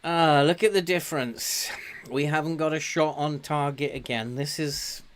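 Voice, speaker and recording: An Englishman talks over his own gameplay in a relaxed, grumbling way. He mocks himself and tells off the players on screen. His commentary is casual and unscripted. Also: on the high side, normal speed. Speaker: gaming commentator. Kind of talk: casual let's-play commentary.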